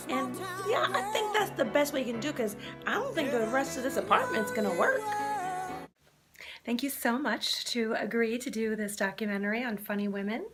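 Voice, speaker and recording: A woman's voice: on the high side, natural voice. A woman voicing a female documentary filmmaker who interviews an actress in an improv comedy mockumentary, gushing and enthusiastic.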